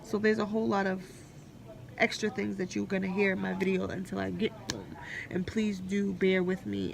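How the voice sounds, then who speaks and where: A woman's voice: medium pitch, fairly quick, gravelly, crowd noise. A woman in her late twenties vlogging candidly and bluntly from a hospital room, swearing freely. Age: 20s. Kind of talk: personal hospital vlog. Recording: faint hospital background noise.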